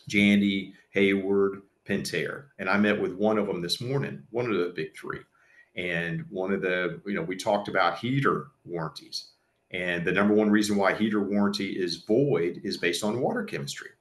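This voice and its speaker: A man with a fairly low voice gives an educational seminar talk. He is earnest and conversational and often restarts his sentences. The sound carries a noticeable room echo. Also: fairly bright tone. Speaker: pool service company presenter.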